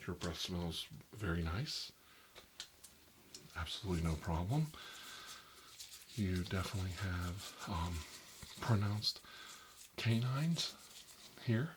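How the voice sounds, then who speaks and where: A man playing a nervous male doctor in a soft-spoken ASMR role-play, rambling and filling his talk with "like" and "you know.". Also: low-pitched, animated, takes it slowly, pauses often, noisy background. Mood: uneasy. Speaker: doctor examining a patient.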